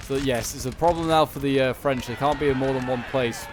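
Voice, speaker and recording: A man with a mid-range voice offers relaxed, unscripted commentary on a strategy game battle, thinking out loud and pausing often. There's some background noise.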